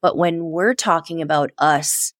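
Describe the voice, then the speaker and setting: A woman in a reflective conversation, speaking in a soft, heartfelt, thoughtful way. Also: low-pitched, a little slow, dry recording, studio quality.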